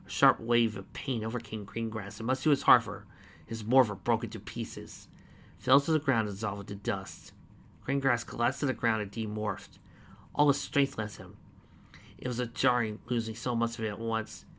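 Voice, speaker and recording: A young adult man reading fan fiction aloud in an energetic, playful way, with casual asides. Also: lowish voice.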